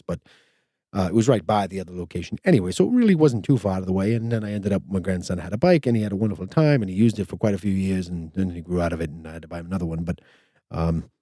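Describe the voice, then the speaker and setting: A man's voice: sits low, dark tone, no room sound, clean studio sound. An older man hosting a podcast, telling a rambling story with lots of stammered restarts. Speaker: podcast host. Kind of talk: casual storytelling chat.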